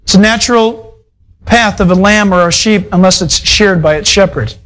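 A man's voice: high voice, normal speed, a bit bright, low-quality recording. A male pastor preaching a sermon in a conversational, folksy way, full of asides to his congregation. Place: church fellowship hall.

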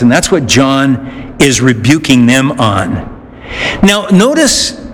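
Male pastor, slightly high voice, slow and earnest, halting fillers; large echoey hall. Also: a bit bright. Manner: earnest, with frequent "uh" pauses and restarts. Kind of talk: sermon. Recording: echoey hall, faint noise.

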